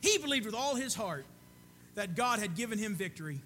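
Guy preaching, high bright voice, earnest and chatty, goes soft and hushed a lot. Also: very animated, fairly quick, slight background noise. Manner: earnest, conversational, drops to a soft hush. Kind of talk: sermon.

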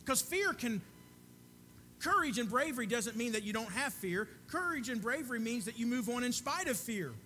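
A man preaching a sermon in an earnest, conversational way, often dropping to a soft hush. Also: extremely high pitch, expressive, moderate pace, slight background noise.

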